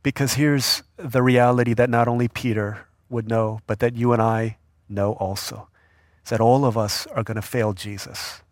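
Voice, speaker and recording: A man's voice: mid-range voice, moderate pace, dry recording, studio quality. Slangy storytelling preacher man. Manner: animated storyteller acting out voices. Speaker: youth pastor. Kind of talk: sermon.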